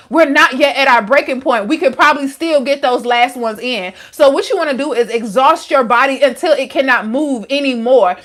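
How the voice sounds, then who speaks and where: This young adult wellness coach has a high-pitched, slightly bright voice. Answering viewers on a casual live stream, she's frank and chatty, using slang and "like" a lot.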